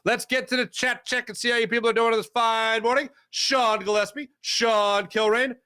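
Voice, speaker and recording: A man hosting a casual sports talk show, animated and emphatic, repeating phrases for effect. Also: extremely high pitch, normal speed, smooth. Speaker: sports podcast host.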